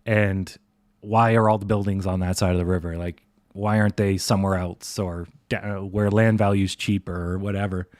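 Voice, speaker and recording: A man's voice: sits low, steady tone, normal speed, darkish tone, no room sound, clean studio sound. A man hosting a live stock trading stream, rambling casually and thinking aloud. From Canada. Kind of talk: live stream chart commentary.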